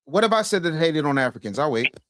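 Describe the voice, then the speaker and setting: A man hosting a live call-in show, blunt and commanding, quick to take control of callers. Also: on the high side, very animated, no room sound, clean studio sound. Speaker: host.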